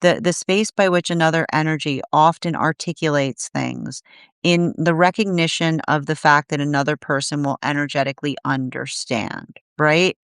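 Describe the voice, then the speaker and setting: Woman tarot reader on a live stream; slightly low voice, dry sound; searching delivery full of restarts. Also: clean tone, no room sound. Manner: searching, restarts often, tags lines with "right?". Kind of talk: live-streamed energy reading.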